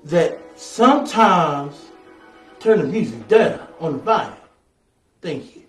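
High-voiced preacher in an echoey church. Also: male voice, lively intonation, slow, recorded from a distance, soft background music. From Southern US. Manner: call-and-response preaching, building to shouts. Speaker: pastor. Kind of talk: sermon. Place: church sanctuary, from afar.

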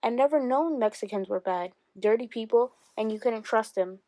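A woman's voice: fairly high pitch, moderate pace, mellow, dry recording. Woman teacher reading a memoir aloud.

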